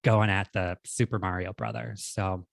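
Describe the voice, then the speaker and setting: Forties male host, easygoing casual chat, quick laugh, dry close mic. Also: on the low side, creaky, no room sound. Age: 40s. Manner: relaxed, laughs easily. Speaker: podcast host.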